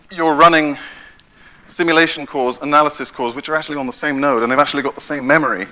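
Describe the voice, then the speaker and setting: A man giving a technical conference talk, briskly explaining with frequent self-corrections while pointing at his slides. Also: fairly high pitch, expressive, sharp tone, a little hiss or hum. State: out of breath. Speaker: conference speaker.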